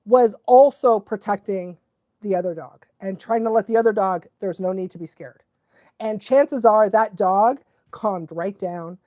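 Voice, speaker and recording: A young woman, a dog trainer, chatting casually on a live stream, excitable and animated, laughing often and sometimes losing her thread. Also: mid-range voice, no room sound. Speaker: dog trainer hosting a live watch-along.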